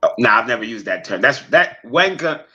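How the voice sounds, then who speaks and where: Bright-voiced blunt American man. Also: medium pitch, sing-song, brisk, dull audio. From northern United States. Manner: blunt and profane, repeats himself. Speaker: panelist. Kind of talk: casual football chat.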